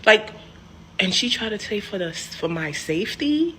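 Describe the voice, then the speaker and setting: A young woman telling a personal story in a casual, animated, sassy way. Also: fairly low pitch, measured pace, a little hiss or hum. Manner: animated, sassy, emphatic swings.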